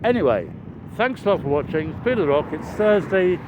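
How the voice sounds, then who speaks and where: An older man narrates his walk outdoors in a meandering, chatty way. His voice sits a touch high and jumps up with excitement. The recording is muffled and lo-fi, with steady traffic noise behind him. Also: brisk. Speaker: vlogger. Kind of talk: rambling walking vlog. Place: outdoors near a railway.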